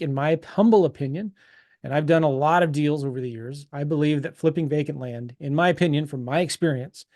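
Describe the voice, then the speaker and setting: A middle-aged man runs a live webinar, talking in a bright, higher register. He is chatty and upbeat, repeating himself with sales-pitch energy. The sound is dry and close on a computer mic. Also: no echo. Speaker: webinar presenter.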